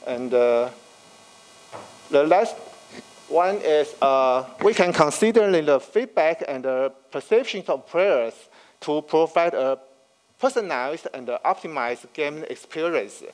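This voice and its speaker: A man giving an academic conference talk, halting and with many fillers. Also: fairly high pitch, animated, a little mellow, smooth, low-quality recording. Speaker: conference presenter. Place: conference room.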